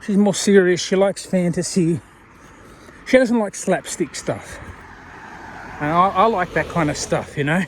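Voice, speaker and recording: A man's voice: high voice, a little slow, pauses often, slight background noise. An Australian man talking casually to a viewer while walking outdoors along a road, rambling and self-deprecating. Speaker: vlogger. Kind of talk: casual walking vlog talk.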